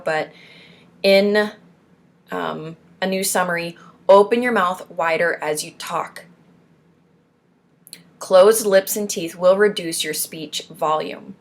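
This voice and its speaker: A young woman from Florida reads through speech exercises and adds encouraging asides as a support group host. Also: lowish voice. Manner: encouraging, pep-talk asides between read points. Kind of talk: reading and commenting on speech exercises.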